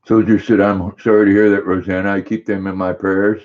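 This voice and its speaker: A man's voice: low-pitched, little pitch movement, a little fast, highs cut off. An older man hosting a casual livestream, reading viewers' comments aloud and greeting each of them by name in an easygoing way. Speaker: livestream host.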